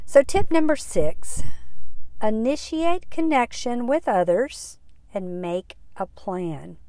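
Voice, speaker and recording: A middle-aged woman hosting a podcast, speaking gently and earnestly with soft, breathy trail-offs. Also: on the high side, animated, takes it slowly, no room sound. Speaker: podcast host. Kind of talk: encouraging podcast talk with prayer.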